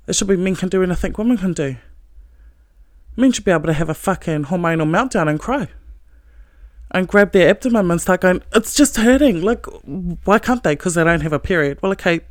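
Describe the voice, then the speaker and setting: Woman host, lower voice, blunt swearing rant, dry close sound. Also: moderate pace, long pauses, dry recording. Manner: profane, forceful ranting. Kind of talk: blunt monologue on relationships.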